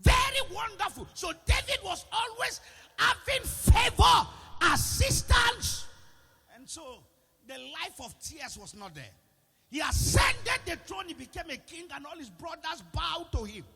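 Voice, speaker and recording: High, gravelly Nigerian preacher shouting. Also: male voice, very animated, measured pace, in a large hall, soft background music. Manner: shouting, sing-song preaching with call-and-response questions. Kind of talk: sermon. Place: church with a gallery.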